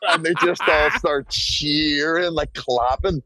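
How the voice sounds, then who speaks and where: A man's voice: on the high side, takes it slowly, sharp tone, dry recording, rough recording. A man telling a wild story on a podcast, acting out the voices and swearing freely. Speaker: podcast guest. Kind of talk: casual storytelling. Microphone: podcast studio mic.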